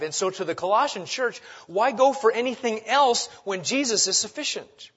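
A man preaching with a fairly high voice, pressing his points with rhetorical questions. He swings from loud emphasis to quiet asides. The recording sounds dull and lo-fi. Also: lively intonation, normal speed, breathy edge. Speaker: pastor. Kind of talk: sermon.

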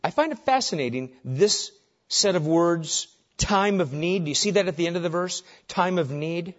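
A man's voice: high voice, lively intonation, moderate pace. A man preaching a sermon as pastor, earnest and driving his point home with short repeated phrases. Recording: dull lo-fi recording.

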